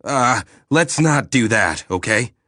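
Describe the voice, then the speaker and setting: A male narrator plays a sardonic starship captain who keeps losing patience, with a bright, forceful edge. He snaps and grumbles rather than shouts. The sound is close and dry. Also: medium pitch, animated, dry recording, pitched above the performer's own voice. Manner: sardonic, quick-tempered, exasperated.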